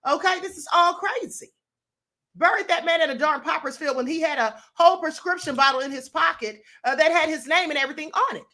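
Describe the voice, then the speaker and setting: A woman's voice: high voice, fast talker, few pauses, sharp tone. A woman hosting a live stream, giving emphatic, opinionated commentary on news stories straight to her viewers.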